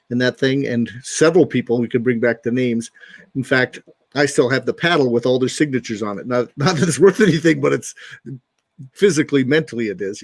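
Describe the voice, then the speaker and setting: A man's voice: medium pitch, no room sound. A man hosting a casual live talk show, rambling and speaking straight to his viewers. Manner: friendly, rambling, addresses viewers directly. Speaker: podcast host.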